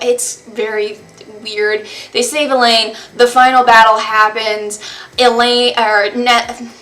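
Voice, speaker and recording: Sarcastic woman rambling through a book review, kinda high voice, echoey room. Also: sharp tone. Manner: chatty and sarcastic, recounts plot with quick asides and mock-dramatic quotes. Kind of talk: casual book review monologue.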